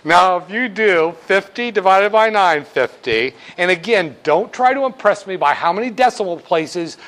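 Male finance lecturer with a high voice and a crude, irreverent classroom manner. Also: animated, normal speed, a bit bright. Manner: irreverent, crude jokes between explanations.

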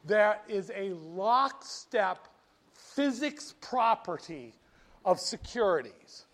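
A male finance lecturer with a notably high-pitched voice, working a classroom. He keeps it animated, joking with and teasing students as he quizzes them. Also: slow pace.

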